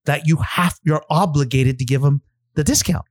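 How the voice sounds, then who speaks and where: A man co-hosting a podcast, telling stories in an emphatic, animated way. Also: fairly high pitch, moderate pace, no echo, studio quality. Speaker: podcast co-host, former service director. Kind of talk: casual podcast chat.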